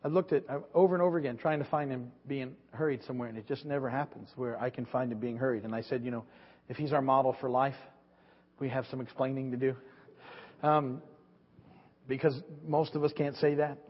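A man's voice: mid-range voice, fairly even intonation, brisk. A man preaching a sermon in a rambling way, often restarting and repeating words as he goes. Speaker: pastor. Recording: dull lo-fi recording with long hall reverb.

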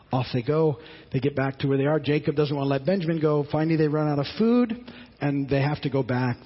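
A man's voice: a little high, breathy edge. Man preaching in an echoing hall. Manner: storytelling, conversational, asks the audience questions. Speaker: pastor. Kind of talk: sermon. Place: church sanctuary. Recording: muffled audio in a reverberant hall.

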